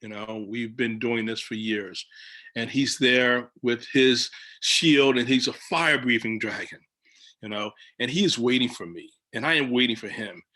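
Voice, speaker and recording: A man, a children's book illustrator, telling stories on a video call and acting out his own lines. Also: medium pitch. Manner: animated storytelling, acts out his own quoted lines. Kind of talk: casual talk on a video call panel.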